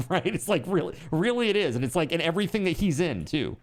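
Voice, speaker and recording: A man's voice: fairly high pitch, very animated, brisk. A man streaming a game, chatting casually in a rambling, joking way, swearing now and then and packing his talk with fillers.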